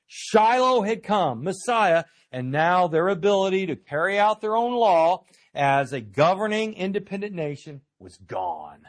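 A man preaching in an earnest, teacherly way. His voice sits a little higher than most men's. He slows down to lean on key words, fills pauses with uh, and puts rhetorical questions to his listeners. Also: sing-song. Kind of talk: sermon.

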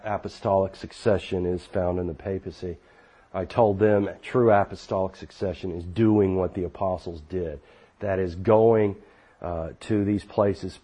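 A man preaching in a frank, emphatic way, often pausing with fillers as he talks through his ministry. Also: on the low side, dark tone. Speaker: street preacher. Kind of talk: informal sermon talk.

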